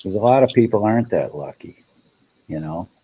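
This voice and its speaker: A man's voice: on the low side, animated, a little fast, lo-fi sound, slight background noise. A man from Minnesota chatting casually as host, modest and self-deprecating, with a rambling way of talking. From Minnesota, USA. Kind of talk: casual chat.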